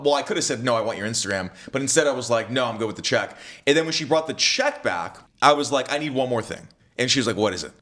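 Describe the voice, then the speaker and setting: Lively, bright-voiced young man storytelling. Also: medium pitch. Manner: animated, acts out both sides of dialogue. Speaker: dating coach. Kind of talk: casual storytelling to camera.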